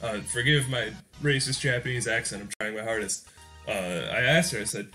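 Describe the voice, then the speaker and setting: A man's voice: fairly low pitch, normal speed, pushed and bright, faint music behind. A young man hosting a gaming channel, giving casual gameplay commentary in a rambling, joking way and often laughing mid-sentence.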